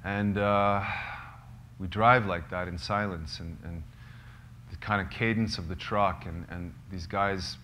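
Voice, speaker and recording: A man, a filmmaker, telling a true story to a small live group, halting and searching for words with many fillers. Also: deep voice, steady tone, pushed and bright, slight background noise. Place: cozy lodge hall gathering.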